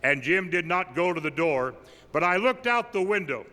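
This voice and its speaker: An older man, an evangelist, tells humorous personal stories at a tribute, delivering his punchlines deadpan. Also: high-pitched, normal speed. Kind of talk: folksy storytelling tribute. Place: large camp meeting hall. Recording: live in a big reverberant hall.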